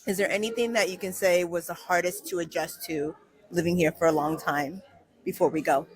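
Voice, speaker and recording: A woman's voice: lowish voice, steady tone, brisk. A woman podcast host asking a guest questions in a friendly, casual way and laughing as she talks. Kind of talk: interview questions.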